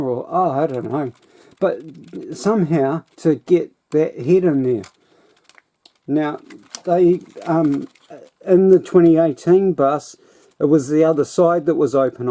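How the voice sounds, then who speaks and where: A man's voice: fairly high pitch, warm tone. A man casually reviewing a toy set in a rambling, self-deprecating way.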